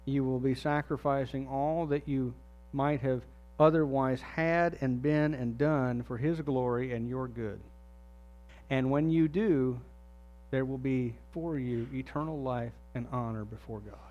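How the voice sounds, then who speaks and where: A man's voice: medium pitch, fairly even intonation, unhurried, a little mellow, muffled recording. A man preaching a sermon as pastor, talking earnestly and putting direct questions to his congregation.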